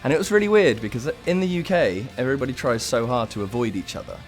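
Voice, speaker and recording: A man's voice: mid-range voice, fast, faint music behind. A young British man in a rock band, telling a road-trip anecdote casually and laughing often. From United Kingdom. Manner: animated storyteller, laughs often. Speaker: band member.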